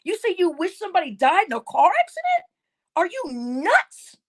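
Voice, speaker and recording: A woman's voice: extremely high pitch, wildly swooping pitch, normal speed. A woman hosting a livestream, scolding her viewers in a heated, indignant rant and repeating her points. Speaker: livestream host.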